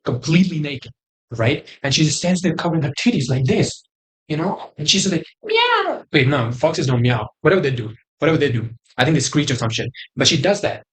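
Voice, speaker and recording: Young man, host, husky, slightly high, crude rambling comedy, loud outbursts. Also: a little fast. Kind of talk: comedic tier list commentary.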